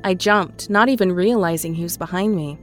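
A woman calmly narrating a scripted horror story in a measured storytelling voice. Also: on the low side. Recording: faint music underneath.

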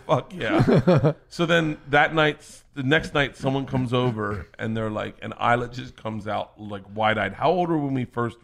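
A man, a comedian, telling family stories on a podcast in a loud, profane way, laughing as he goes. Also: medium pitch, vocal fry. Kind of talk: casual storytelling.

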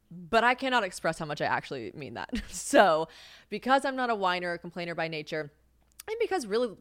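A young woman with a fairly low voice hosts her podcast in loose, casual chat. She swears freely, laughs often and acts out other people's lines in her stories. The recording is dry and close. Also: dry recording. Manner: candid and profane, animated, laughs often, acts out quoted voices. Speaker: podcast host.

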